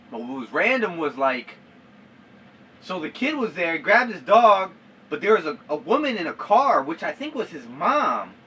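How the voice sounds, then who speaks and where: A young man telling a personal story in a casual, animated way, full of slang, repeated "dude" and shouted sound effects. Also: high-pitched, slight background noise. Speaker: vlogger.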